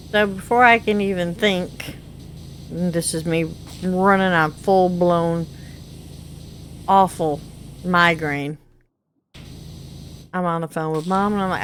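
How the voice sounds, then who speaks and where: A woman's voice: mid-range voice, measured pace, a little hiss or hum, poor audio. Chatty woman telling a story. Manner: chatty, exasperated, animated storyteller. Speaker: gameplay vlogger. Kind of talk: casual storytelling while gaming.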